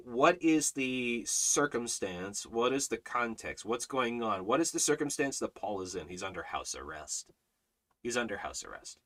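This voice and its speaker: Emphatic man teaching a Bible study. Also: mid-range voice. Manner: emphatic, repetitive exhortation with swings between loud and soft.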